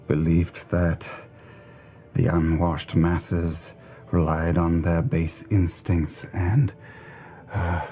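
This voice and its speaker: A man speaking in character as a wizard at a tabletop game. His low, dark voice moves slowly and haltingly, full of small restarts. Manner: halting, hesitant, with many restarts. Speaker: player voicing a wizard character. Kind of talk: in-character tabletop role-play.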